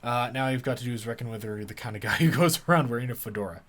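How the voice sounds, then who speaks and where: A man's voice: mid-range voice, rapid-fire, fairly bright tone. A man doing casual game commentary, reading the on-screen text aloud with a joking manner. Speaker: gamer.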